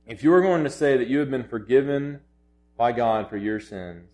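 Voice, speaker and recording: A man's voice: mid-range voice, normal speed, a little mellow. A man preaching a sermon in an earnest, urgent way, often restarting his phrases and rising to emphatic peaks.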